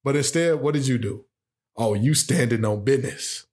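A man hosting a sports talk show, giving opinionated commentary with animated rhetorical questions and sarcastic jokes. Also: mid-range voice, moderate pace.

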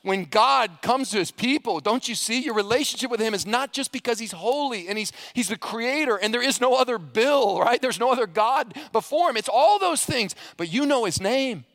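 A male pastor preaching with a high, lively voice that rises and falls as he tells a story. He keeps putting questions to the congregation, and the sound is close and dry. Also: normal speed, hardly any pauses, dry recording. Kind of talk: sermon.

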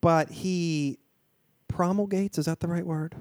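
A man's voice: a little high, steady tone, unhurried, a little mellow, dry recording, clean studio sound. A man in casual conversation, talking in a rambling way, often restarting and searching for words.

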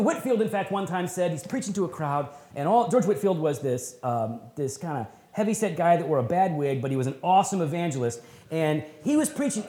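A pastor preaching to a retreat crowd in a lively, conversational way, full of slang and quick asides. His voice sits a little high for a man. The sound rings around an echoey room, and at times he drifts off the mic. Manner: animated and conversational, with folksy slang and laughing asides. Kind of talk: sermon at a men's retreat.

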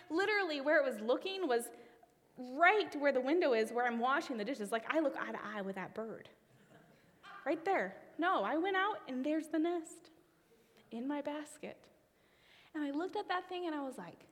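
Woman preacher, high bright voice, expressive delivery that sinks to near-whispers; long echo of a big sanctuary. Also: moderate pace. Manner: expressive, trailing phrase ends into a whisper. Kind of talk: sermon with a personal story.

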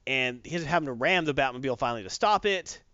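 A man co-hosts a casual podcast, recounting a comic plot with lively, swinging pitch. His voice is bright and fairly high, and the recording sounds dry and a little dull. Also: fast, clear, resonant tone, no room sound. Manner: animated storytelling, acts out quotes. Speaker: podcast co-host recapping comics. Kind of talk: casual chat.

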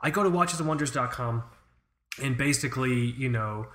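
Young male co-host, profane, animated rant, mid-pitched voice. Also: moderate pace, slight background noise. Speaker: podcast co-host. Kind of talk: casual chat.

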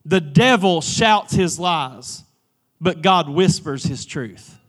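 A man preaching a church sermon, swinging from emphatic pleading to hushed, near-whispered lines and often repeating the first word of a phrase. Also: fairly high pitch, expressive, slow pace. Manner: repeats words at starts of phrases. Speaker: pastor.

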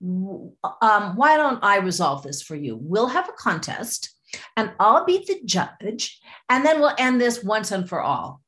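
A woman's voice: mid-range voice, very animated, a little slow, fairly bright tone. A woman voicing a bossy pig who appoints himself judge in a told fable, pushy and in charge.

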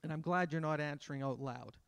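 A man in his fifties preaching in a conversational way, with a fairly high voice. He drops into softer voices to act out small scenes. The sound is dry and close, with little room. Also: fairly quick, creaky, clear, resonant tone, no echo. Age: 50s. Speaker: pastor. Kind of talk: sermon. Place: church.

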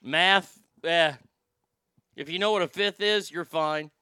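Man, host, sarcastic profane rant, crisp voice, dry recording. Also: a little high, slow, pushed and bright, no echo. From Texas. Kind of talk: casual comedic rant.

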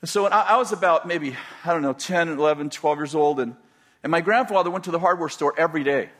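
A man's voice: a little high, fast talker, a bit bright. An older man from California telling a personal story in a rambling way, with many restarts and chuckles. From California, USA.

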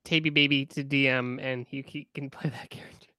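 Bright, crisp-voiced man hosting a podcast. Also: mid-range voice, flat delivery, dry recording, clean studio sound. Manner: quizzing, quick questions. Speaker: podcast host. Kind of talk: casual chat.

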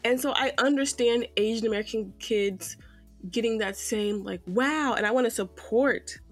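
A woman co-hosting a podcast in casual roundtable chat, talking in an animated, emphatic way and drawing out her stressed words. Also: a little high, moderate pace, faint music behind. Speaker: podcast co-host.

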